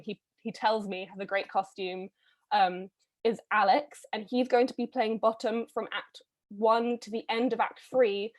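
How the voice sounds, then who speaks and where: A woman hosting a live online read-through, casting roles in a chatty, brisk way with frequent ums, heard over a video call. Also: medium pitch. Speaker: read-a-thon host casting readers.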